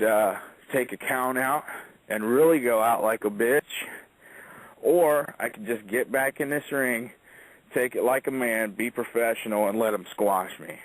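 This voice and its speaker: A man's voice: medium pitch, dry recording, low-quality recording. A man, a wrestler, telling an in-ring story in a casual, profane interview, acting out quotes as he goes.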